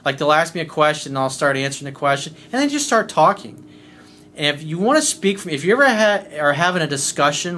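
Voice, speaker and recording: A man with a loud, bright, forceful voice pitched a bit high talks straight to the camera as a life coach. His delivery is blunt and peppered with curses, and he keeps a smile in his voice as he talks. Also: slight background noise. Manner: blunt and profane; smiling while talking. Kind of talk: casual monologue video.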